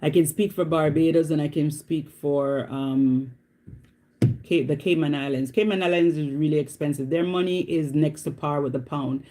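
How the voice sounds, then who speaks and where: A woman's voice: low-pitched, steady tone, normal speed, mellow. A woman chatting casually to camera as a vlogger, repeating herself and often checking in with the listener. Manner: chatty, repeats herself, often asks "you know what I mean".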